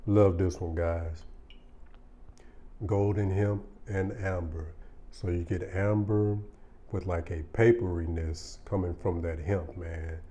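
A man's voice: low voice, steady tone, slow, warm tone. A man casually reviewing fragrances in a laid-back, slangy and enthusiastic way. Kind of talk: casual product review chat.

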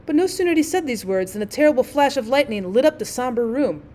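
A woman with a somewhat high voice reads a classic short story aloud in a clear, expressive way. She narrates like a teacher guiding her class through an audiobook. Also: quick pace.

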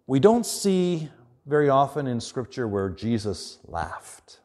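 A man preaching a sermon as pastor, earnest, often dropping quiet and slow for emphasis. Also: mid-range voice, very animated.

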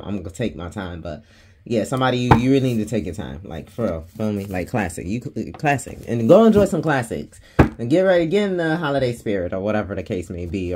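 A man's voice: fairly low pitch, heavy background noise. A man giving a casual tarot reading, chatty and slangy, laughing often and swearing freely. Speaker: tarot reader.

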